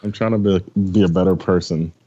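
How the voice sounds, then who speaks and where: A man's voice: low-pitched, fairly even intonation, a little fast, dark tone, lo-fi sound, a little hiss or hum. A man co-hosting a casual sports podcast, bantering and laughing along. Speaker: podcast co-host.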